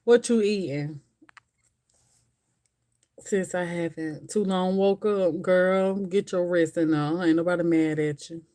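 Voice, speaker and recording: A woman's voice: on the low side, takes it slowly, pauses often, dark tone. A woman hosting a casual livestream, chatting and rambling straight to her viewers. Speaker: livestream host. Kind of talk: casual chat with live viewers.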